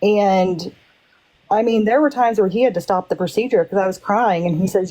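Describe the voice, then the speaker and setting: A woman speaking in a casual group discussion, her voice mellow and dark rather than bright. She tells her story candidly and with emphasis, voicing the people she quotes. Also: mid-range voice, moderate pace, poor audio. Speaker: panel participant.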